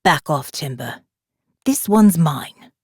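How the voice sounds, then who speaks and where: A woman voicing a tough female ex-soldier who speaks low, calm and threatening. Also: drawn-out words, breathy edge, dry recording, clean studio sound, heavily acted. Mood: menacing. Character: hard, cold woman ex-soldier, menacing.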